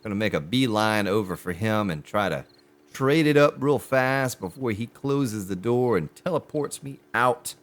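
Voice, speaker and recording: Male game streamer, casual chatty play-by-play, lively pitch. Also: moderate pace. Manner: chatty, talks to chat viewers as he plays; animated, pitch jumps on exclamations. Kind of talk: live gameplay commentary.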